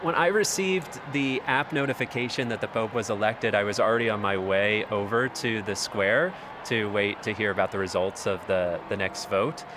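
A man's voice: fairly low pitch, normal speed, hardly any pauses. A man in his forties from Texas, a priest, speaking earnestly and thoughtfully in an interview, with occasional fillers. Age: 40s. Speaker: priest and lecturer. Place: street and taxi in a city. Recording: on-location audio with clear city noise.

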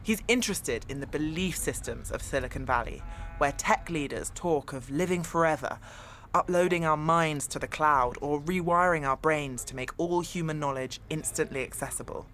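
A woman presenting and narrating a radio documentary in a measured, clear reporting voice. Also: low voice, a bit bright, faint music behind. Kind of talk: scripted narration.

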